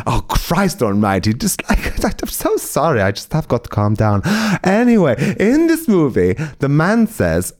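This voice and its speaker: A man reading absurd comic stories aloud, excitable and swearing, laughing at his own jokes. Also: on the low side, moderate pace, few pauses. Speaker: comedian storyteller. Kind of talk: comic story reading on a podcast.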